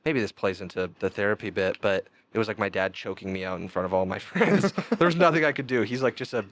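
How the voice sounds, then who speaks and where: A man, a podcast guest telling rambling stories in casual chat with frequent laughs. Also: fast talker. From Canada. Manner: animated, rambling storytelling with frequent laughs and pitch jumps.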